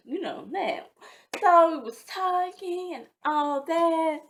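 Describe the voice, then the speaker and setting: A woman's voice: high voice, expressive, moderate pace, slight background noise. Dramatic chatty woman telling a story. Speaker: vlogger. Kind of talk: casual storytime.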